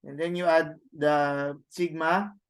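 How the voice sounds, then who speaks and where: A man teaching a class, slowly sounding out words and repeating them with tag questions. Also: fairly high pitch, flat delivery, smooth. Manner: slow, repetitive drilling with tag questions. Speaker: Greek teacher. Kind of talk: classroom lesson, reading words aloud.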